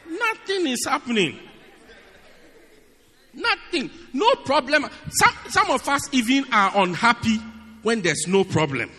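A man preaching a sermon in an animated, humorous way, often asking his listeners if they get it. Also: very high voice, measured pace, long pauses. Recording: long reverb of a large hall.

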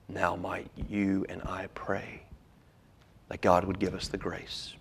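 A man pastor delivers a sermon in a fairly low voice. He swings between loud, pressing exhortation and hushed, near-whispered lines. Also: flat delivery, slow, pauses often, slight background noise.

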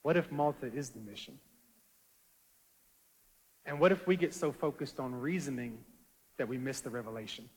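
A male pastor preaching a dramatic sermon, swinging from quiet low asides to loud rising appeals. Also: moderate pace, long pauses, husky, in a large hall.

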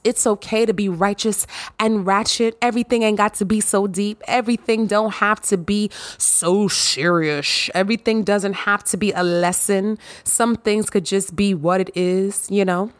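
A young woman talks straight to her listeners as the host of her own podcast, giddy and sassy, stretching her words and humming her agreement. Her voice sits at an ordinary middle pitch. The sound is close and dry, with no room around it. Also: steady tone, no room sound. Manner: playful, giddy, sassy, with drawn-out affirmations. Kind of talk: casual podcast monologue.

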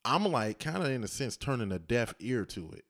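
A man's voice: mid-range voice, sing-song, normal speed, fairly bright tone. A man in casual conversation, animatedly telling a story and acting out the voices of the people in it. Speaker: husband telling his story.

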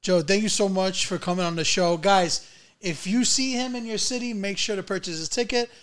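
Man, podcast host, high-pitched, easygoing, casual chat, short prompts. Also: fairly even intonation, fairly quick, a bit bright, clear, resonant tone. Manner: brief prompts and back-channel replies, easygoing.

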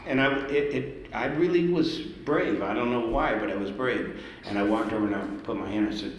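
An older man, a guest musician, telling lively anecdotes in conversation, laughing and acting out what others said. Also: medium pitch, fairly quick. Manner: lively storyteller, laughs, acts out quotes. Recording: echoey hall with faint noise.

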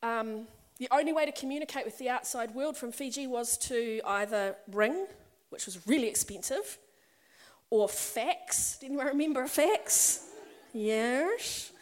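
High-voiced woman preaching a sermon. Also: a little slow. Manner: conversational and personal, building to emphatic passages. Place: church or meeting hall with a congregation.

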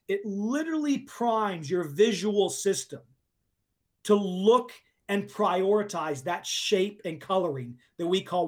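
A man with a noticeably high-pitched voice talks as a podcast guest. He explains coaching ideas in an emphatic, teacherly way, checking that the listener follows. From United States. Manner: emphatic teacherly explaining, asks if it makes sense.

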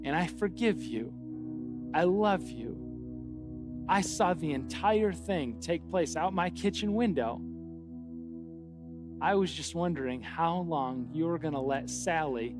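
A pastor voicing a kindly elderly grandmother who gently forgives her grandson. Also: mid-range voice, animated, takes it slowly, long pauses, music in the background. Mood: gentle.

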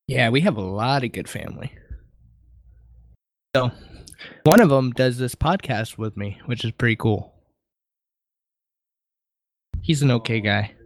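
A man's voice: medium pitch, moderate pace, pauses often, dry recording, clean studio sound. A man co-hosting a casual podcast, chatting loosely and laughing often. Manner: laughs often, animated delivery. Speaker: podcast co-host. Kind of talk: casual chat.

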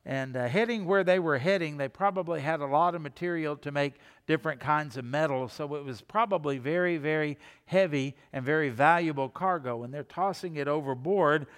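A man preaching a sermon as pastor, expressive, repeating phrases and dropping his voice low and soft to stress a point. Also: brisk, few pauses, clear, resonant tone. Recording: long reverb of a large hall.

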